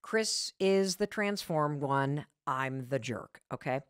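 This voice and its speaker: Woman podcast host, low-ish voice with big pitch swings, emphatic and candid, dry close sound. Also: expressive, slow pace, clear, resonant tone, dry recording. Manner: emphatic, repeats key points, self-mocking storyteller; candid with mild profanity. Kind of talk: motivational talk.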